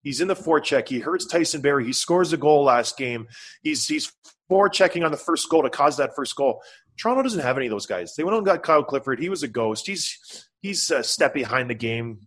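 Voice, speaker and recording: A middle-aged man co-hosting a casual sports talk show, animated and jokey. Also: fairly high pitch, fairly quick, husky. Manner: animated, jokey, bursts into loud bits. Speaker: sports podcast co-host.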